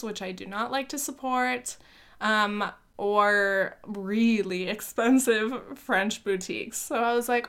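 On her solo podcast, a young host chats casually and teases herself, dropping laughs, filler words and the odd curse. Her voice is on the high side and a bit bright.

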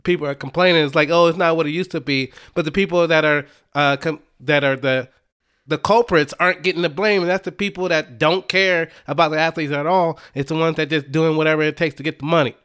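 A man's voice: on the high side, steady tone, fairly quick, a bit bright, clean tone. A young man co-hosting a podcast in casual chat, laughing often and poking fun at himself. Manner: laughs often, self-deprecating, spells out words. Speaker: podcast co-host.

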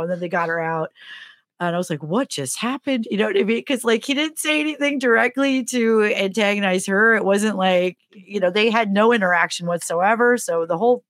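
A woman's voice: mid-range voice, no room sound, clean studio sound. A middle-aged woman co-hosting a podcast, telling a funny story in a casual way and acting out the voices in it. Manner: animated, acts out the voices in her stories. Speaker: podcast co-host.

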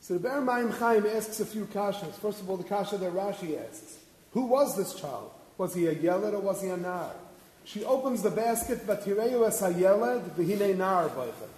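High-voiced rabbi guy, earnest sermon, boomy hall echo. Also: expressive, moderate pace, a little mellow. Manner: earnest, explains with rhetorical questions and Hebrew quotes. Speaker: rabbi giving a Torah talk. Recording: echoey hall with faint noise.

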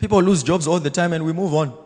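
Pastor guy preaching, kinda high voice, blunt and sure of himself, big hall reverb. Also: quick pace. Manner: swings between loud exhortation and quiet confiding asides; blunt, challenging, self-assured. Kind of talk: sermon. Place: church hall.

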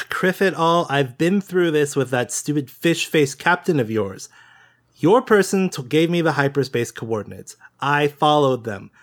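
A man's voice: fairly high pitch, animated, extremely slow, long pauses, pushed and bright, exaggerated voice. A man voicing an angry, short-tempered female smuggler pilot who snaps in exasperation. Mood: exasperated. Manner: exasperated, snappish.

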